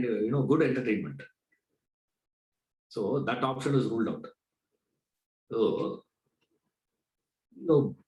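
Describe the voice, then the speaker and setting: A man's voice: medium pitch, darkish tone, echoey room, poor audio. A man teaching a spiritual class, talking in a conversational way, asking rhetorical questions and acting out little dialogues. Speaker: Vedanta teacher. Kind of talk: spiritual discourse lecture.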